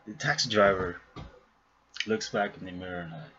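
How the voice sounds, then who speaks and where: A man's voice: low-pitched, normal speed, pushed and bright. A man telling a long joke, laughing often as he goes, recorded on a webcam with dull lo-fi sound.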